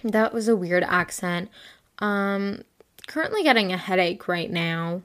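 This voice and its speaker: A woman's voice: medium pitch, measured pace, fairly bright tone, smooth. A seventeen-year-old girl hosting a casual solo podcast, rambling and chatty with lots of "like", frank and self-mocking, sounding tired. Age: late teens. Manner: chatty, rambling, heavy use of "like". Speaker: podcast host.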